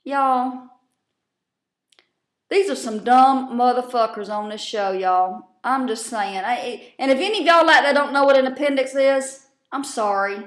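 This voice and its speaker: This woman's voice sits high and moves a little slowly as she recaps a TV show for a casual vlog. She rambles with lots of fillers and doesn't hold back on bluntness or swearing. There's a roomy echo to the recording.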